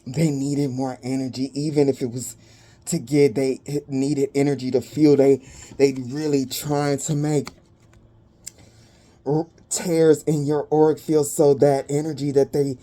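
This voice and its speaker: A woman giving a spiritual reading to her viewers, dramatic and blunt, swearing freely and pausing to catch her breath. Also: very deep voice, little pitch movement, dark tone. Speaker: spiritual reader.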